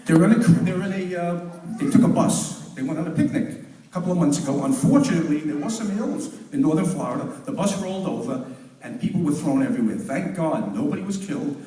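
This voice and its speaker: An older New man does stand-up in a library hall, chatty and animated. His high voice swings up and down a lot, with a mellow tone. He is heard from a distant mic with plenty of room echo. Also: quick pace. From Long Island, New York. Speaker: comedian. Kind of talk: stand-up storytelling. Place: library hall, talent show. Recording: roomy hall, mic far off.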